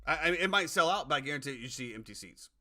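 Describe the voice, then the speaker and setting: Emphatic, bright-voiced male sports podcaster. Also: a little high, expressive, fast. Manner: emphatic, indignant, repeats his points. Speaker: podcast co-host. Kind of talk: casual sports talk.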